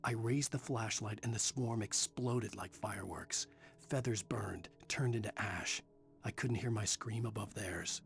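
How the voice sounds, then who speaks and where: An actor voicing a haunted male writer who narrates his ordeal in a measured, brooding way, from a game. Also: fairly low pitch, creaky, faint music behind. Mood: tense.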